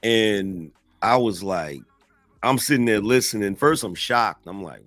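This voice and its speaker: A man being interviewed, telling stories in a relaxed, slangy way. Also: lowish voice, a little slow, dry recording, soft background music. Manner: relaxed, slangy street talk. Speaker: interview guest, online commentator. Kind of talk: casual storytelling in an interview.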